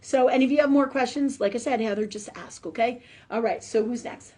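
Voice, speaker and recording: A woman's voice: fairly high pitch, a little fast, a little mellow. A woman hosting a live spiritual forum as a medium, chatting and praying, often tagging her sentences with "right?". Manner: chatty, with constant "right?" tag questions. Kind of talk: live spiritual talk and prayer.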